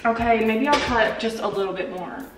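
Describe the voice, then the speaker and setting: A woman's voice: fairly high pitch, brisk. A young woman chatting casually in a cooking vlog, playful and dramatic, often giggling and complaining. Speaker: vlogger. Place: home kitchen. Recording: echoey kitchen, far from mic, music behind.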